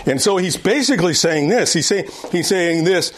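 A man's voice: high-pitched, expressive, normal speed, slight background noise. A middle-aged man teaching an adult Sunday school class in a conversational way, often restarting phrases and repeating his points.

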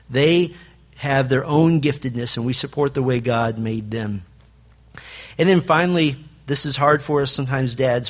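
A man preaching a sermon to fathers, telling stories in an animated way and acting out the people in them. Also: medium pitch. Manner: animated storytelling, acts out quoted voices. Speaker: pastor.

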